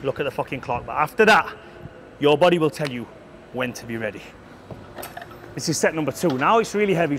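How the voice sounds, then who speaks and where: Blunt profane man coaching in a gym, slightly higher voice, faint background hum. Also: a bit bright. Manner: brash, profane, lecturing. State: out of breath between sets. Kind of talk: blunt gym tutorial with heavy swearing.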